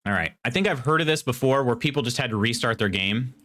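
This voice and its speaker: Casual male streamer, mid-pitched, talks loosely to chat while playing. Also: lively intonation, quick pace, bright, forceful tone. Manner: chatty, reads chat aloud and muses while playing; reads in-game text aloud. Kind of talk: casual live gameplay commentary.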